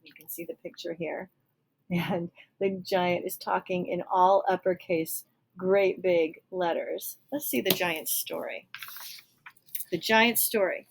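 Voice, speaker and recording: A woman teacher reading a story aloud to children, calmly stopping to explain things. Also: fairly low pitch, slow pace, creaky, breathy edge. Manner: calm, stops to explain to children.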